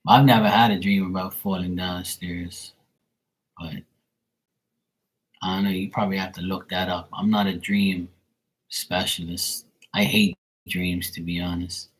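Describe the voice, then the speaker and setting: A man's voice: deep voice, level tone, unhurried, long pauses. A man hosting a tarot livestream, chatting casually with viewers in a rambling, profane storytelling way.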